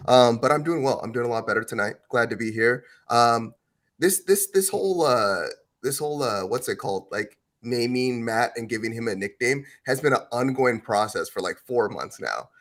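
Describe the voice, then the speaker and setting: A man with a mid-range voice co-hosts a gaming podcast. He talks in an easygoing, rambling way and drops lots of fillers. His tone stays loose and relaxed. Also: mid-range voice, normal speed. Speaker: podcast co-host. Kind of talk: casual podcast chat.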